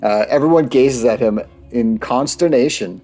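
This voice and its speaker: A man's voice: mid-range voice, normal speed, a little mellow, faint music behind. A man hosting a let's play, reading game text aloud and chatting casually, stumbling over words and laughing often.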